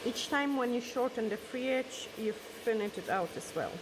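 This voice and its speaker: A woman's voice: a little high, expressive, moderate pace. A woman, a nail technician, casually talking through a nail tutorial step by step as she works. She is losing her voice, and Polish is her first language. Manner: chatty, explains steps as she works. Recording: background noise from a hair dryer.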